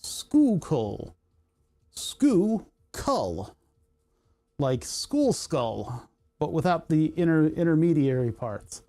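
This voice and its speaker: Mellow-voiced rambling streamer from Pennsylvania. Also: medium pitch, expressive, a little slow. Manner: rambling, tangent-prone, self-interrupting. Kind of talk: casual live-stream chat while working on a computer.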